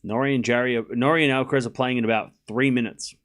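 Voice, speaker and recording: A man with an Australian accent and a mid-range voice hosts a live stream, speaking at a quick pace in a steady, fairly bright tone. He rambles through casual commentary and chats with viewers, self-deprecating and swearing now and then.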